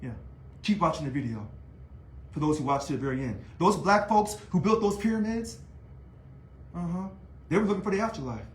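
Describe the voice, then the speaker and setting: Man, casual to-camera monologue, taunting rhetorical style, high voice, roomy echo. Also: fairly quick, long pauses. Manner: animated, taunting, rhetorical questions. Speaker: union leader. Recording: echoey room.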